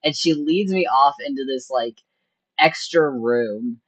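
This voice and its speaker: Young woman streamer, super low voice, slow easygoing storytelling, laughs a lot and acts out her own thoughts. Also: slightly rough. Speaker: charity stream host. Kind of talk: casual storytelling chat.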